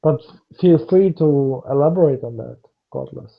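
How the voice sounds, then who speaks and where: A man's voice: mid-range voice, a little slow, gravelly. A man hosting a casual online call, talking hesitantly with many fillers and restarts. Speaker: host. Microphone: computer mic on a video call. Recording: dull lo-fi online call audio.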